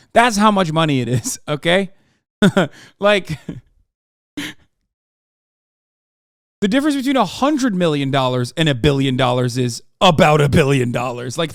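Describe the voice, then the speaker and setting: A man's voice: fairly high pitch, dry recording, studio quality. Profane, sardonic male streamer. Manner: profane, sardonic, talks to chat. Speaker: streamer host. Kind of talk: casual reaction commentary.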